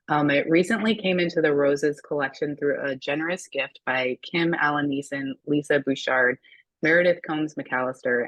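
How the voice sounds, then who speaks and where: A woman's voice: sits low, no room sound, poor audio. A woman on a museum's staff presenting a public talk, speaking directly to the audience in a friendly, conversational way.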